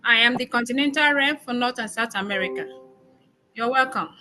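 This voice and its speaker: Bright high-voiced woman greeting formally. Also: brisk, slight background noise, poor audio. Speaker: regional representative. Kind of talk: formal self-introduction.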